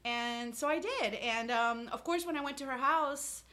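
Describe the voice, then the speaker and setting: A woman's voice: high voice, normal speed, sharp tone. A woman from South Florida co-hosting a podcast, telling a long-winded story in casual chat and laughing often. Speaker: podcast co-host.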